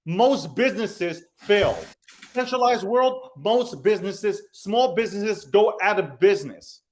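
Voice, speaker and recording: The show host has a high, expressive voice and talks a little slowly. He's angrily ranting about crypto on his podcast, cursing and driving points home by repeating phrases.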